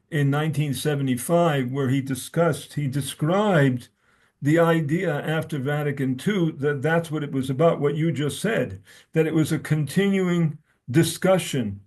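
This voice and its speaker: A man with a fairly high-pitched voice speaks as a guest scholar in conversation. He reads passages from his own essay aloud and quotes sources at length. He often stutters and restarts his sentences. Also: darkish tone.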